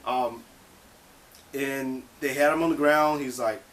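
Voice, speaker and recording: A man's voice: mid-range voice, fairly even intonation, slow pace, fairly bright tone, slight background noise, poor audio. Indignant man ranting to camera. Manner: indignant, impassioned, swears. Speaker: vlogger. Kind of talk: commentary vlog rant.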